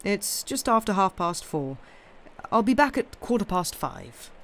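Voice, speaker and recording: A woman's voice: medium pitch, big pitch swings, measured pace, fairly bright tone. Woman voicing a terse, aloof husband. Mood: offhand.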